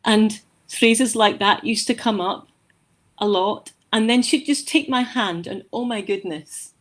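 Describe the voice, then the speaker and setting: A woman from Scotland, a course graduate, speaking heartfelt and halting, repeating words as she talks over a video call. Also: medium pitch. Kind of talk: emotional interview.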